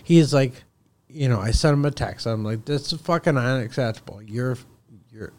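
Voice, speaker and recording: A man's voice: medium pitch, normal speed, a little mellow. Man, contractor guest; casual podcast storytelling, heated and profane, acts out his own phone calls.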